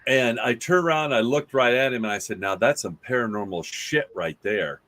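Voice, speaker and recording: A man's voice: mid-range voice, moderate pace, a bit bright, low-quality recording. A man guest on a podcast, telling a story in a playful, joking way. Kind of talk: casual chat.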